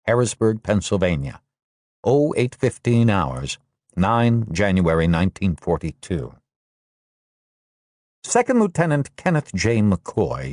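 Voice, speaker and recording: A man narrating a war novel audiobook in a steady, measured way. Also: deep voice, no room sound, clean studio sound. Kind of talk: scripted narration.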